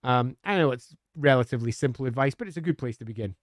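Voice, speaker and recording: A man's voice: fairly high pitch, expressive, quick pace, few pauses, dry recording, studio quality. A man on a live stream answering viewer questions in a chatty, upbeat way, with frequent hesitant fillers.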